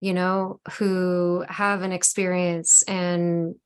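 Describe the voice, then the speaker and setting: A woman's voice: fairly low pitch, level tone, slow pace, clear, resonant tone. A woman co-hosting a podcast, speaking with eager enthusiasm and encouragement in a casual talk about intuition. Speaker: podcast co-host. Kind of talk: casual spiritual conversation.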